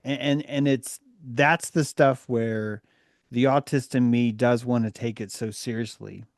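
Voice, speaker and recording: A man's voice: medium pitch, steady tone, a little slow, no room sound, studio quality. A man in a casual group discussion, ranting in an exasperated and profane way.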